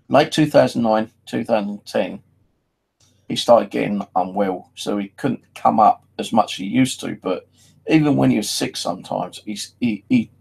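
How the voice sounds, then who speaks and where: A man's voice: lowish voice, vocal fry, darkish tone, husky, low-quality recording. A man talking in a casual, rambling personal monologue, full of "you know" and freely swearing. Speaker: vlogger.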